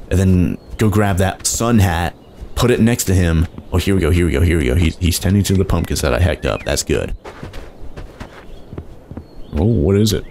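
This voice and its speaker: A young man giving excitable, casual commentary while playing a video game, often exclaiming and laughing. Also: deep voice, a little hiss or hum. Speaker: let's play host.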